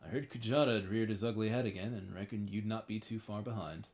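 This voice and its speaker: Man putting on a gruff warrior buddy, loyal, rough folksy put-on accent, low and quiet. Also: quick pace, natural voice. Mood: steady, loyal. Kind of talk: reading game dialogue aloud in character.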